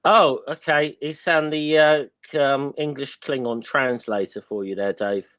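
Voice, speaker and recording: A man's voice: medium pitch, a little slow, a bit bright. A man chatting casually on a quiz podcast, hesitant and full of restarts.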